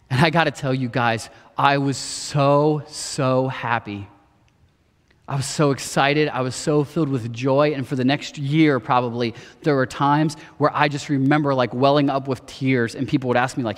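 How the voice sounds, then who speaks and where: A man in his thirties giving a sermon as pastor, telling a personal story earnestly and dropping softer for quoted words. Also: mid-range voice, moderate pace. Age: 30s. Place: church auditorium. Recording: long reverb of a church hall.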